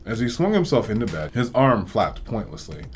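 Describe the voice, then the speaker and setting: A man reading a storybook aloud as host, with expressive, varied delivery. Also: fairly low pitch, normal speed, faint music behind. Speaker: reader, host.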